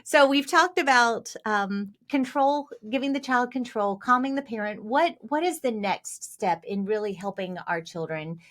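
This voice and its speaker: A woman hosting a parenting podcast, speaking in a thoughtful, measured way in conversation with her guest. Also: on the high side, animated, a bit bright. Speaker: podcast host.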